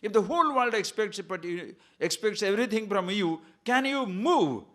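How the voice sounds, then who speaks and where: Emphatic male spiritual teacher, somewhat high. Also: lively intonation, normal speed, a bit bright. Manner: emphatic, full of rhetorical questions; chants verses in Sanskrit. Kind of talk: discourse on scripture.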